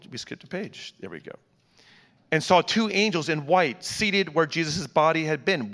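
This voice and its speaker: A man's voice: mid-range voice, a bit bright, in a large hall. A man reads scripture aloud in church in an earnest, dramatic way and adds small asides. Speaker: scripture reader.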